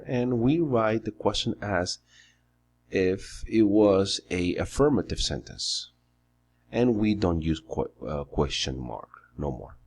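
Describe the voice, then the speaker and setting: A man teaching an English lesson, explaining grammar and vocabulary slowly and patiently, step by step. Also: fairly low pitch, darkish tone, slight background noise.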